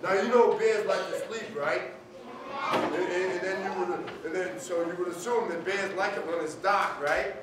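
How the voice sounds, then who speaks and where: A man in his sixties tells a story to a room full of schoolchildren, lively and playful as he calls on them for answers. He is picked up from far away in a very echoey hall, with clear background noise around him. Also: sits high, moderate pace. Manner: animated, calls on the audience, playful.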